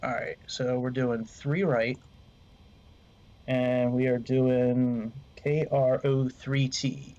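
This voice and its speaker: A man's voice: medium pitch, little pitch movement, takes it slowly, mellow, highs cut off. A man streaming a flight sim, rambling and swearing freely as he talks to his chat. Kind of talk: casual gameplay commentary.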